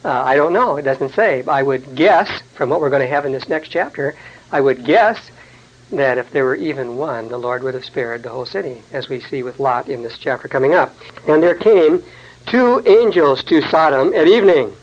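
A man's voice: medium pitch, fairly quick, lo-fi sound, a little hiss or hum. A man teaching the Bible verse by verse, explaining scripture in a conversational way with folksy asides.

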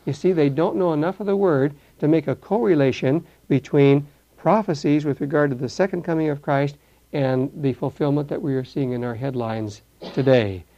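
An older man teaching verse by verse through a Bible passage, animated and acting out the voices in the story. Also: on the high side, moderate pace, lo-fi sound. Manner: animated, acts out voices, repeats words.

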